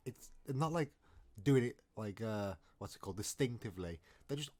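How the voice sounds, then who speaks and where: Guy, lowish voice, rambling comic storyteller who keeps restarting his sentences. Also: expressive, moderate pace, darkish tone. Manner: rambling and jokey, with frequent restarts. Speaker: storytime vlogger. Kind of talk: casual storytelling.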